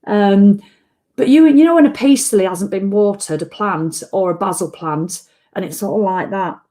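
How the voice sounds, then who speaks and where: A woman's voice: medium pitch, normal speed, mellow. A tired woman, ranting bluntly and swearing freely as she hosts a casual live-stream chat. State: tired after a run. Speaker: vlog host.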